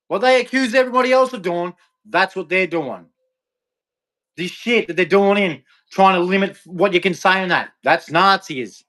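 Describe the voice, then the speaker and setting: This middle-aged Australian vlogger's voice sits high, bright and forceful, as he delivers a profane, aggressive, repetitive rant straight to camera.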